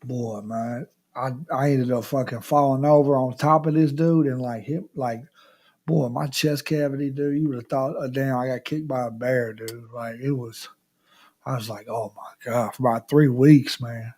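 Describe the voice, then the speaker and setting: A man's voice: mid-range voice, fairly even intonation, normal speed, a little mellow. A man in his forties with a mid-range voice who chats in a laid-back way and swears freely. He swaps fight stories easily with his guest. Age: 40s. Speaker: podcast host. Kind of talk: casual chat.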